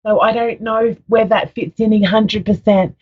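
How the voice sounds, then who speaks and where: Woman radio psychic, tender and reassuring, mid-pitched, lo-fi sound. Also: fairly even intonation, normal speed, breathy edge. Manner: soothing, affectionate, calls caller sweetheart. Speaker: psychic medium. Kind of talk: live radio psychic reading.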